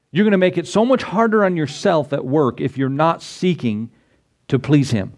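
A man's voice: fairly high pitch, normal speed, darkish tone. A man preaching a sermon as pastor, emphatic and full of rhetorical questions, acting out the voices he quotes.

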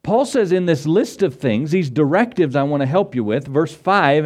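A male pastor preaching a sermon, reading scripture slowly and asking the congregation rhetorical questions. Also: on the high side, expressive, a little mellow.

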